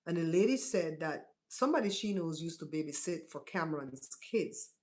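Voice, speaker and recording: A woman hosting a casual live stream, chatting to her viewers and often checking in with "right?". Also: mid-range voice. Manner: chatty, talks straight to her chat with many "right?" asides.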